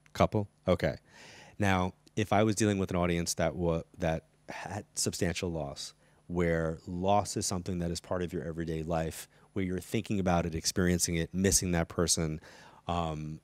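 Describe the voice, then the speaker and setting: A middle-aged man, a psychic medium guest, telling anecdotes in an animated way and acting out the dialogue, in a studio interview before a live audience. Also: low voice, moderate pace, no room sound. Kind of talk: storytelling interview chat.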